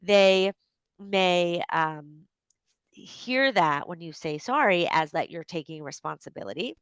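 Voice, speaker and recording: A woman with a Canadian accent hosting a solo advice podcast, talking conversationally with frequent fillers and a gentle, reflective manner. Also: fairly low pitch, slow pace, smooth, no echo. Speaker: podcast host and coach.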